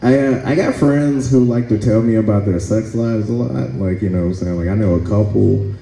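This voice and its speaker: A man doing a stand-up comedy set in a club, laid-back and halting, often pausing with "uh" and chuckling between lines. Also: on the low side, vocal fry, dark tone, echoey room, a little hiss or hum, low-quality recording. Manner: laid-back, halting, with frequent "uh" and "let's see".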